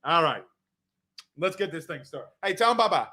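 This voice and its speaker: An energetic man runs a casual sports talk show. His voice sits a little high and sounds dry and close to the mic. He chats freely and plugs sponsors. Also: normal speed, dry recording.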